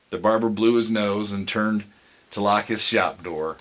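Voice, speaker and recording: A man reading a spooky bedtime story in a low voice. He takes his time, measured and deliberate, letting each sentence settle. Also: steady tone, fairly bright tone. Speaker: narrator.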